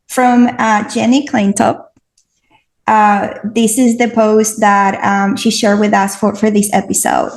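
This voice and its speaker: Woman host with an accent, earnest conversational tone, noticeable fry. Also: mid-range voice, flat delivery, slow pace. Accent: non-native English accent. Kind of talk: casual chat and reading aloud.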